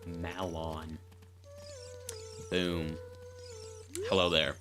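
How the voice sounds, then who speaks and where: Very low-voiced woman streaming a game. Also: little pitch movement, very slow. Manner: rambling, playful, self-narrating, repeats words. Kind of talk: casual live gameplay commentary. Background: game music.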